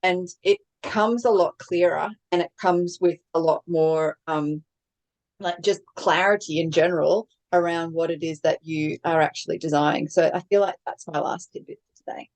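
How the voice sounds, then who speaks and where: A young adult woman co-hosting a podcast, sharing thoughts in a calm, reflective, measured way. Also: lowish voice, poor audio. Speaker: podcast co-host. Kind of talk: casual chat, reflective sharing.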